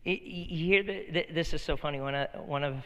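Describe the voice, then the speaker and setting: A man's voice: a little high, fairly quick, smooth. Man preaching in a reverberant hall. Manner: preaching, swinging from loud emphatic bursts to quiet intimate talk. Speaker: pastor. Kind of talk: sermon.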